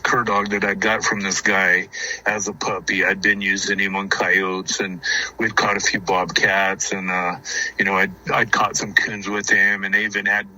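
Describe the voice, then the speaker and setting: A houndsman from Arizona, appearing as a show guest, rambles through hunting stories, repeating words and chuckling as he goes. His voice is lowish with a sharp tone, and the recording quality is low.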